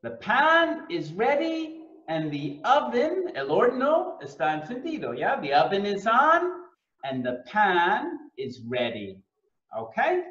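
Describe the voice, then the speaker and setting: A man teaching English through a cooking lesson, speaking slowly and repeating and translating words for learners. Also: high voice, wildly swooping pitch, bright, forceful tone, echoey room, dull audio.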